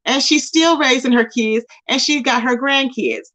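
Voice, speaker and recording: In a dull lo-fi recording, a woman with a high-pitched, slightly bright voice speaks at a moderate pace. Hosting her own commentary channel, she rants and scolds someone directly, confronting them and repeating their name again and again.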